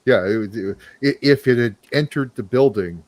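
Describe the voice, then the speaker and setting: A man in casual chat, speaking in a laid-back, halting way, with frequent restarts. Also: medium pitch, darkish tone, dry recording. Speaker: podcast co-host.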